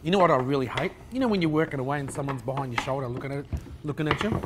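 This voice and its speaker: A man's voice: mid-range voice, racing, noisy background. A man who teases a friend, laughs often and talks with his mouth full. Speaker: friend timing the build. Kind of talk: casual chat.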